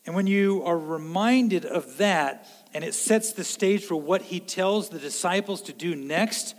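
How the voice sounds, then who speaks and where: A man preaching a sermon in an earnest way, swinging between loud emphasis and hushed low lines. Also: long reverb tail. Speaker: pastor.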